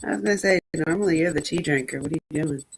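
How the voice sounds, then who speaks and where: Low-voiced chatty woman. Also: racing, creaky, slight background noise, low-quality recording. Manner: chatty, rambling, swears casually. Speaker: streamer. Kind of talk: casual chat.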